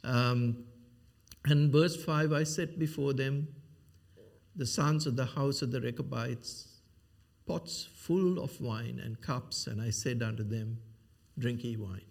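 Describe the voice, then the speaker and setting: Slow, emphatic male preacher. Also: medium pitch, steady tone, vocal fry, a little mellow. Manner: slow, emphatic Bible preaching with rhetorical questions; frequent "uh" fillers. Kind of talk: sermon.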